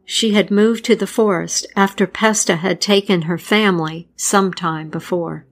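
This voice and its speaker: A woman narrating a folktale and its history in a measured, deliberate scripted style. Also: medium pitch, steady tone. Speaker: storyteller.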